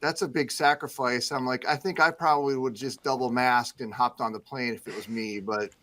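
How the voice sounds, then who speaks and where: A man's voice: mid-range voice, steady tone, brisk, pushed and bright. A man from the Midwest, a news anchor speaking as a guest on a radio show, modest and easygoing, with many fillers. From Midwestern United States. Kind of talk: casual radio chat.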